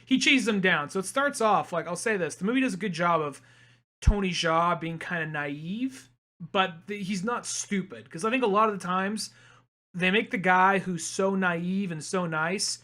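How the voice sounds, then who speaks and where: Young guy on a podcast, high voice, acts out the lines while recapping a movie. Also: moderate pace. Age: young adult. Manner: animated retelling, acts out quotes in a high voice. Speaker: podcast co-host. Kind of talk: casual film discussion.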